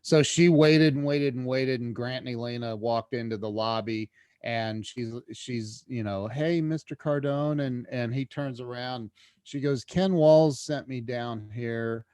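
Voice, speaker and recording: Male podcast guest, mid-range voice, excitable storyteller who stumbles and restarts, dry close recording. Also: mid-range voice, measured pace, clean tone, dry recording. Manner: animated, many restarts, swings loud when excited. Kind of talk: casual storytelling interview.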